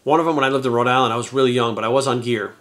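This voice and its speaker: Guy vlogging, retired bodybuilder, rapid-fire and kinda sharp-toned, cusses a lot and keeps restarting sentences. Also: medium pitch, steady tone. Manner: candid, profane and rambling, with frequent restarts. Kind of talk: casual storytelling to camera.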